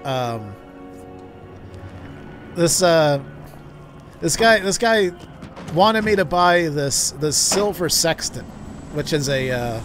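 A man's voice: a little high, a bit bright. A man streaming a game, telling a long story in a rambling way with many restarts. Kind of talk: casual gameplay commentary.

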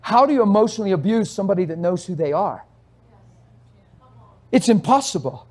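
A male pastor in full sermon flow, his voice sitting fairly high for a man. He pleads and presses the congregation with quick rhetorical questions, dropping to a near hush and then climbing back to a loud, urgent pitch. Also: expressive. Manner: impassioned, swings between hushed and loud; asks rapid rhetorical questions.

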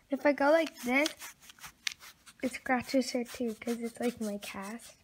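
A teenage girl chatting in a casual home vlog, excitable and giggly, rambling with lots of fillers. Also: fairly high pitch, slow, pauses often, a little hiss or hum. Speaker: vlogger. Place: at home with her dog. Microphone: camera mic.

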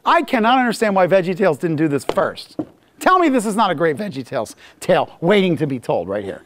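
Lively, joking Bible teacher. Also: mid-range voice, fast talker, a little hiss or hum. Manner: jokey and conversational, acting out scenes. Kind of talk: animated classroom lecture.

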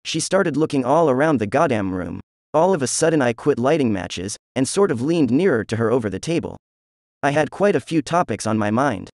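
A man reads a novel aloud in the first person, his telling casual and wry. His voice sits at a middle pitch. The recording is dry and close, with no room sound. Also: expressive, a little fast, no echo. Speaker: audiobook narrator.

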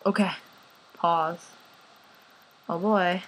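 A woman's voice: on the low side, fairly even intonation, very slow, fairly bright tone, a little hiss or hum, rough recording. A young woman casually commenting on her life-sim gameplay in a chatty, playful way. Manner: chatty, playful, sighing over game moments. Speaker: gaming channel host.

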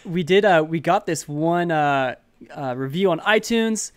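A man's voice: fairly high pitch, animated, measured pace, clear, resonant tone, dry recording. Laid-back male podcast co-host, dry sound. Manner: laid-back, hesitant with fillers. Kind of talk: casual podcast chat.

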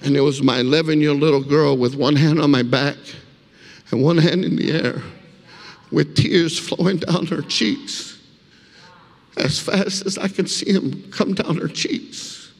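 A man's voice: fairly high pitch, unhurried, gravelly. A man giving a guest sermon with his personal testimony, telling the story vividly and emphatically and calling the congregation for amens. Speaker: guest speaker. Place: church sanctuary. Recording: echoey church hall.

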